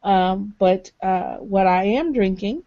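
A woman's voice: medium pitch, slow, dry recording. A woman in her thirties chatting on a gaming podcast, full of ums and easy laughs. Her voice sits mid-range and sounds very dry and close. The call audio is a little dull and lo-fi. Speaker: podcast co-host. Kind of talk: casual chat.

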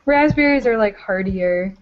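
A woman's voice: medium pitch, lively intonation, normal speed. A woman co-hosting a casual gaming podcast, making dry, teasing remarks. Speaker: podcast co-host. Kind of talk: casual chat. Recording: dull call audio.

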